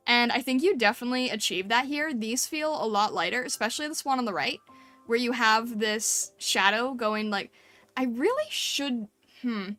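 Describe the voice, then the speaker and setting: A woman's voice: a little high, animated, moderate pace, bright, forceful tone, faint music behind. A woman streamer chatting casually and gushing over fan art, full of fillers and little laughs. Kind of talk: casual live-stream chat.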